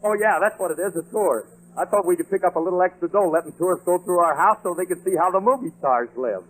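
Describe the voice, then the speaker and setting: A man's voice: high voice, quick pace, fairly bright tone, low-quality recording. A man hosting a 1940s radio comedy, flustered, sheepish and blustery as he talks his way out of trouble. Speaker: comedy show host. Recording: old radio broadcast with music.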